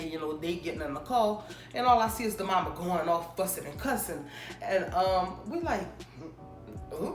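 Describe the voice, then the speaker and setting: A young woman casually telling a storytime, animated and acting out the people she quotes. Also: lowish voice, roomy sound. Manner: animated, acts out quoted people in raised voices. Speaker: storytime vlogger.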